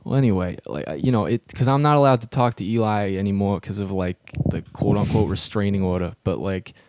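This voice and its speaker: Low-voiced male host, rambling sports-radio comedy, dry close sound. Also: a little fast, darkish tone, no room sound. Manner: rambling, full of fillers. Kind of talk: comedic radio show banter.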